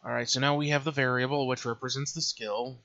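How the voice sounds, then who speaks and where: A man hosts a casual, screen-recorded game development tutorial, thinking aloud and mumbling to himself as he works through menus at his computer. His mid-range voice is steady, gravelly, and sharp, and he speaks quickly. The lo-fi recording sounds slightly dull.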